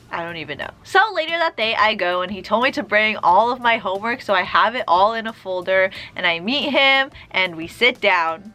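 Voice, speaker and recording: Lively, bright-voiced young woman telling a story. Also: fairly high pitch, normal speed, soft background music. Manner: animated, sarcastic retelling with quoted dialogue. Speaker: vlogger. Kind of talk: casual storytime chat.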